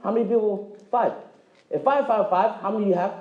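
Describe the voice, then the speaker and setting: Man, motivational sales talk, high voice, jokey, quizzes audience, echoey room. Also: muffled recording. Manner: joking, quizzes the audience, acts out quick dialogues. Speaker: presenter at a direct-sales meeting. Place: meeting room with live audience.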